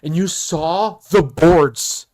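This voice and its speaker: Animated, laughing male storyteller. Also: a little high, very slow. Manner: animated, laughs often, profane. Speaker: podcast host. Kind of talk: casual storytelling.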